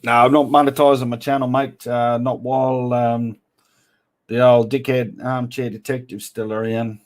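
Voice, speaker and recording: A man's voice: medium pitch, flat delivery, normal speed. A man hosting a casual livestream, reading viewer comments aloud and answering them with blunt, teasing banter full of slang. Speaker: livestream host.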